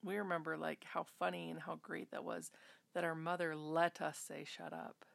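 A woman's voice: sits low, flat delivery, moderate pace, gravelly, no echo. A woman in her thirties hosting a casual chat, talkative and reflective, often interrupting herself. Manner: chatty, self-interrupting, reflective.

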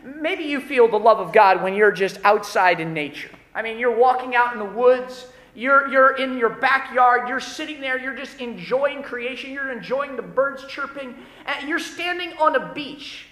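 A male pastor delivers a conversational sermon, slipping into animated quoted voices. His tone is bright and forceful. The roomy church hall echoes around him. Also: extremely high pitch, normal speed. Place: church worship service.

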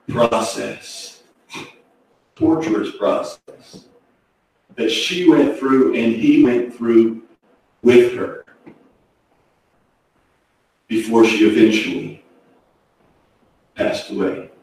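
A man preaching a sermon, swinging from hushed, slow phrases to shouted ones. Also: mid-range voice, gravelly. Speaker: pastor. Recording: echoey hall from far off.

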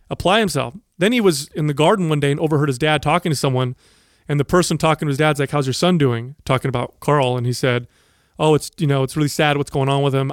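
A man's voice: a little high, no room sound, clean studio sound. A man co-hosting a podcast, telling a story in casual chat and acting out the people he quotes. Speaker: podcast co-host.

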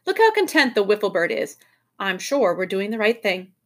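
Teacher doing a kindly old professor guy in a kids' story, measured and calm, explaining stuff. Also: medium pitch. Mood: reassuring.

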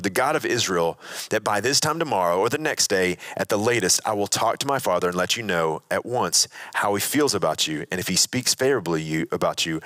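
A man's voice: on the low side, bright, forceful tone, no echo. A man teaching a sermon in a conversational way, retelling and reading a scripture passage aloud with frequent restarts.

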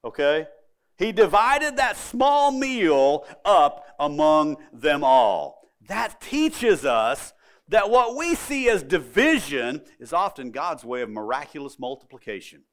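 A middle-aged preacher delivers a sermon in a folksy, storytelling way. His fairly high voice swings widely in pitch as he acts out the lines he quotes. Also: very animated, slow pace, fairly bright tone. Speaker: pastor.

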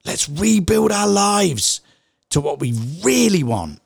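A middle-aged man giving a heartfelt motivational talk, earnest and pleading, dropping soft and low then rising with emphasis. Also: big pitch swings, slow pace, creaky. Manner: earnest, pleading, swings between soft low lines and raised emphatic ones. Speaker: motivational speaker.

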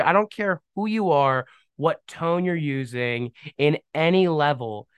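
A man's voice: on the high side, unhurried, clean tone, dry recording. A man hosting a casual solo podcast, talking bluntly and ramblingly with a scoffing edge and many fillers. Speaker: podcast host.

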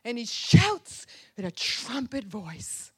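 A woman preaching a sermon with a fervent, dramatic delivery, dropping to hushed tones and rising to crying out. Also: medium pitch, measured pace, no room sound. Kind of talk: impassioned sermon storytelling.

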